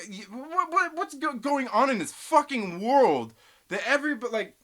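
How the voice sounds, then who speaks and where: A man's voice: very high voice, sing-song, moderate pace, bright, forceful tone. A man hosting a live stream, reading viewer chat aloud and ranting with lots of swearing and laughter. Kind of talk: casual live stream rant.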